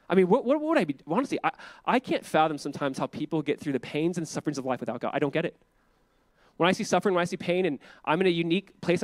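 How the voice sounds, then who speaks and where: Fast-talking animated young male pastor. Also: a little high, no echo, rough recording. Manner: animated, acts out dialogue with God in quick bursts. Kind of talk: sermon.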